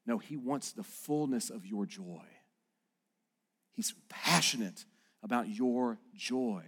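A man in his thirties, a pastor, preaching a sermon in a conversational, animated way with playful asides to the congregation. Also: mid-range voice, slow, husky. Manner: playful asides and mock quotes to the audience.

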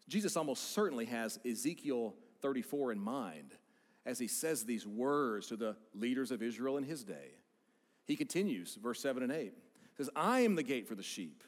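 An American man preaching a sermon as a pastor, in an animated, conversational way. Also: medium pitch, normal speed, long reverb tail. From United States.

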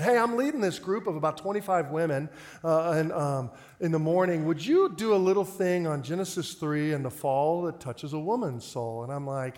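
A man preaching a storytelling sermon, lively and acting out the voices of people he quotes. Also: high-pitched. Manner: animated, acts out quoted voices. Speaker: pastor.

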